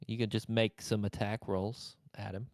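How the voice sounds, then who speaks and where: A young man narrating as game master of a tabletop game, slow and hesitant with many fillers. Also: on the low side, flat delivery, a little mellow, no echo, clean studio sound.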